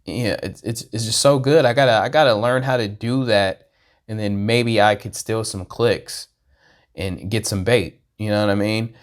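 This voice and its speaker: A man hosting a casual reaction vlog, rambling and self-deprecating, swinging from hushed asides to excited bursts. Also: lowish voice, moderate pace. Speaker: vlogger.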